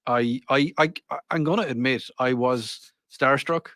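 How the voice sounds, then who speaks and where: A man's voice: mid-range voice, a little slow, fairly bright tone, no echo, studio quality. A man from Ireland with an Irish accent, co-hosting a casual radio chat show and joking often. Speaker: co-host.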